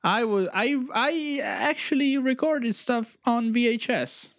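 A man co-hosting a podcast in casual banter, playful and excitable, often repeating his words. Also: very high voice, takes it slowly, no room sound, studio quality. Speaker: podcast co-host.

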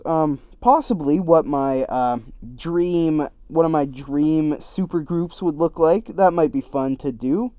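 A man's voice: fairly high pitch, a little slow, hardly any pauses, mellow, dry recording. A young man hosting a casual solo podcast, rambling and correcting himself as he goes. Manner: rambling, distracted, self-correcting. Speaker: podcast host.

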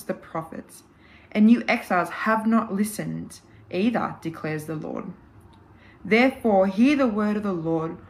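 A woman reading scripture in a church service. Her delivery is measured and steady, with a solemn tone, and her pitch sits in a middle range. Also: poor audio. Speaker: scripture reader.

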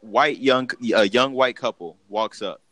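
A man co-hosting a casual podcast, telling stories in an animated way and often breaking into laughter. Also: mid-range voice, a little slow, dry recording. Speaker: podcast co-host.

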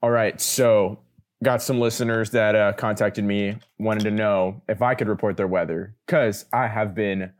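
A young man co-hosting a casual podcast, chiming in with quick joking remarks. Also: lowish voice, fairly even intonation. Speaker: podcast co-host. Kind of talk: casual chat.

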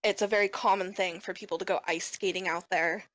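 A woman running a tabletop role-playing game as game master, narrating events in a measured, descriptive way. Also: mid-range voice, fairly even intonation, a bit bright, no echo.

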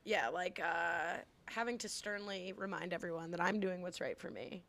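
A woman's voice: lowish voice, fairly even intonation, moderate pace, creaky, a bit bright. A young woman from the United States co-hosting a podcast, playfully recapping an episode in casual chat. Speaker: podcast co-host.

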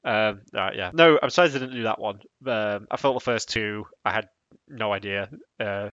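A man's voice: lowish voice, moderate pace, fairly bright tone. Man, podcast co-host, casual chat, giggly, stumbling restarts, dull lo-fi sound.

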